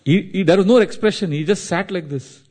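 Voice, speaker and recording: A man's voice: high-pitched, a little fast, darkish tone. Dramatic male storyteller. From India. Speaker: spiritual speaker. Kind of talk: devotional storytelling sermon.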